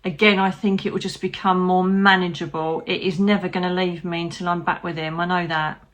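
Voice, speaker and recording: A woman's voice: on the low side, little pitch movement, brisk. A British woman, a psychic medium, talking candidly and from the heart to her viewers, with frank swearing and light humour. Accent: British English. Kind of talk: personal vlog talking to camera.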